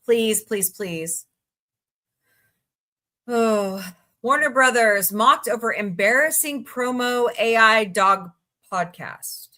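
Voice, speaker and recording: Slow-talking bright-voiced woman live-stream host. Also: on the high side. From United States. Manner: chatty, reacts aloud while scrolling, frequent laughs. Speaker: livestream host. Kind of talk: casual live chat, reading headlines.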